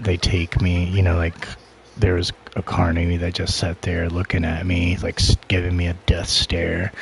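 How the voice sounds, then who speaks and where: A man casually telling a personal story, rambling with lots of filler words and often dropping to a quiet mutter. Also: slight background noise. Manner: low-key, often drops to a quiet mutter.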